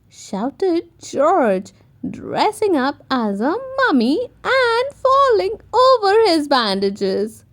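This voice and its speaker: A woman reading a children's picture book aloud, slowly and expressively for young listeners. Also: high voice, sing-song. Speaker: storyteller. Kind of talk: children's story read-aloud.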